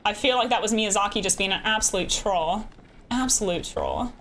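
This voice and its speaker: A young woman, chatting casually with her live chat while gaming, bubbly and quick to laugh. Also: mid-range voice, a bit bright, slight background noise. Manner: bubbly, laughs often, reads chat aloud. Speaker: streamer.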